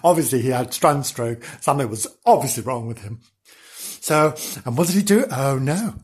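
A man's voice: mid-range voice, animated, normal speed, slightly rough. Giggly, playful male storyteller. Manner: playful, giggly, asides to listeners. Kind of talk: improvised comic storytelling.

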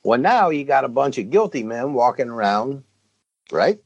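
A man on a comedy podcast, holding forth in a pompous, deadpan way on absurd political plans. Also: medium pitch, normal speed, vocal fry, no echo, muffled recording. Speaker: podcast co-host playing a blustering colonel.

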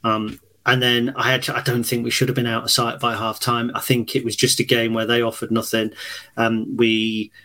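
A man's voice: mid-range voice, little pitch movement, normal speed, sharp tone. Blunt, sarcastic man. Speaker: podcast co-host. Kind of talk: casual chat.

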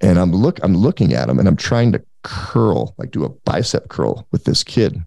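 A podcast guest in his thirties tells a story casually and animatedly, acting out the voices of the people in it. His voice is deep with vocal fry, at normal speed, in a dry recording.

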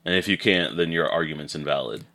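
A man co-hosting a casual podcast chat, animated and profane, acting out little scenes. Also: very deep voice, fast talker, vocal fry. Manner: animated, swearing, acting out voices, laughing.

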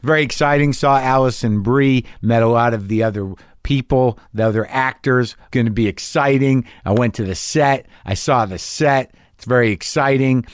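A man's voice: medium pitch, moderate pace, few pauses, clean tone, no room sound, studio quality. A man hosting a podcast, talking alone in a frank, profane, self-deprecating way. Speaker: podcast host. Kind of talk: solo monologue.

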